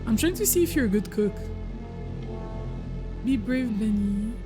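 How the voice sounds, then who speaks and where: Woman streamer, high voice, talks over her game, music going behind. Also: expressive, unhurried. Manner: chatty, reacting aloud, teasing people off screen. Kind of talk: casual gameplay commentary.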